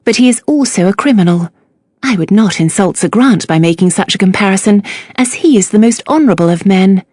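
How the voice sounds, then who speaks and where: A woman voicing a proud, decisive young lady who speaks crisply in an audiobook. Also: mid-range voice, expressive, brisk, dark tone, dry recording, clean studio sound, natural voice.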